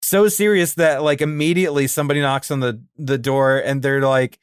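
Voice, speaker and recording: A man chats about a cartoon on a podcast, animated and quick to laugh. His voice sits at a middle pitch. It is recorded close and dry. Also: smooth, dry recording. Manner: animated, laughs often, easily amused. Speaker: podcast co-host. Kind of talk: casual chat about cartoons.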